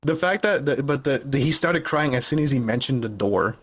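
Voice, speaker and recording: A man's voice: medium pitch, expressive, a little fast, breathy edge. A young man telling a workplace story in casual chat, often laughing and restarting his sentences. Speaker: guest caller.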